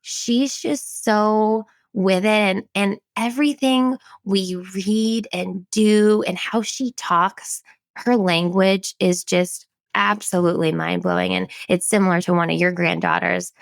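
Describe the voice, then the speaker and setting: A woman hosting a podcast, chatting with enthusiasm and telling stories in an animated way. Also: medium pitch, unhurried, creaky, dry recording. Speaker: podcast host. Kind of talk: casual interview chat.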